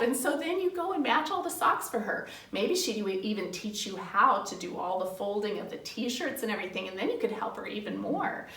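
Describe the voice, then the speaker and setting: A middle-aged woman teaching young children in an animated, sing-song way, acting out little family dialogues. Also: medium pitch, a little fast, hardly any pauses. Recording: roomy, from some distance off the mic.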